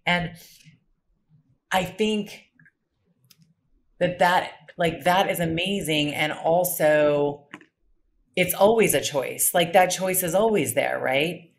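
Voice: medium pitch, slow, pauses often. A podcast host in casual conversation, enthusiastic and rambling, often restarting phrases while thinking aloud. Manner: enthusiastic, rambling, repeats words as thoughts form.

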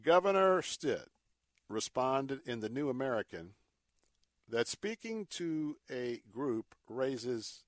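A man's voice: medium pitch, big pitch swings, takes it slowly, no echo, studio quality. A man hosting a talk show, giving opinionated commentary in an indignant, emphatic way with sarcastic, folksy asides. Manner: indignant, emphatic, repeats words for effect. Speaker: radio talk show host.

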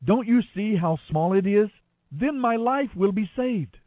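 A man's voice: sits high, lively intonation, measured pace, no room sound, phone-quality sound, voice pushed up. A man reading scripture, voicing a desperate old man who begs and pleads urgently. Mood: pleading. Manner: begging, urgent.

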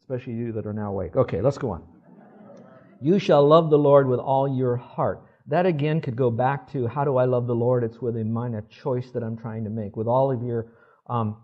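A man's voice: mid-range voice, fast. Male pastor, 60s, chatty sermon delivery, dull lo-fi sermon recording. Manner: conversational, asks the congregation for responses.

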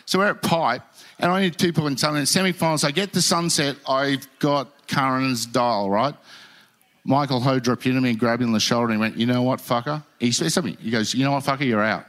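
A man's voice: mid-range voice, steady tone, fairly quick, a bit bright. A man telling surfing stories in casual chat, heated and swearing. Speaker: podcast guest, former pro surfer.

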